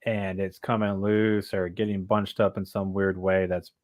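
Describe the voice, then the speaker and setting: A man's voice: low voice, little pitch movement, normal speed, a little mellow. A man with a Southern US accent hosting a casual motorcycle livestream, rambling and laid-back, saying dude a lot. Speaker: motorcycle channel host.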